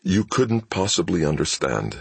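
A man reading a calm, resolved hostage. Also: sits low, unhurried, creaky, breathy edge, no echo, exaggerated voice. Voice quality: quiet and steady. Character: adult male hostage, calm, resolved and quietly faithful.

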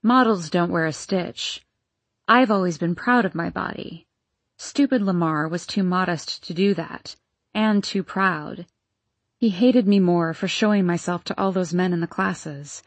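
A woman reading the lines of a bitter, scheming nurse in an audiobook, with a sharp, resentful manner. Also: on the low side, measured pace, dry recording.

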